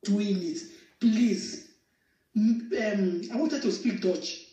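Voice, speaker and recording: A man with a high voice makes a church donation appeal, pausing often and searching for the right words. He sounds as if he is in a hard, heavily echoing room. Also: warm tone, dull audio. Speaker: fundraising appeal speaker. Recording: very echoey room.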